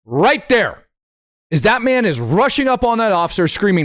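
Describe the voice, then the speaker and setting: A man's voice: high voice, wildly swooping pitch, moderate pace, a bit bright, no room sound, clean studio sound. A man hosting a political commentary show, talking bluntly and with indignation as he reacts to clips. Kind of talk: opinionated live commentary.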